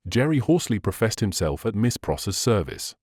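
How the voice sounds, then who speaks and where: A man narrating a classic novel in an expressive reading style. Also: on the low side, normal speed, slightly rough, no room sound, clean studio sound. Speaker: audiobook narrator.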